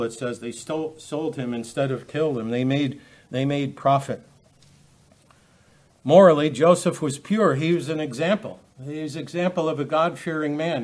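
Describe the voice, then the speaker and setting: A man preaching a sermon, often repeating words as he restarts, building to emphatic, raised passages. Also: fairly high pitch.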